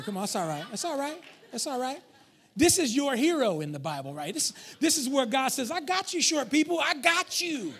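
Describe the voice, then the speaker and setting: This male pastor's voice is extremely high and slightly rough as he preaches in church. Emphatic and joking with the congregation, he swings between shouting and near-whisper.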